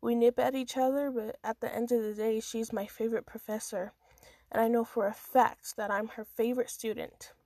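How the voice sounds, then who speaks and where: A woman's voice: fairly high pitch, level tone, moderate pace, mellow, no echo. A woman reading her own first-person story aloud in a casual amateur manner, with small stumbles and restarts.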